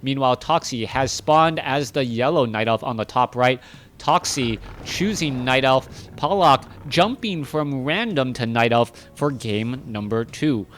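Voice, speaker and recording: A man at medium pitch and a measured pace gives solo play-by-play of a strategy match as an esports caster. He's chatty and self-correcting, and his energy climbs during the big moments.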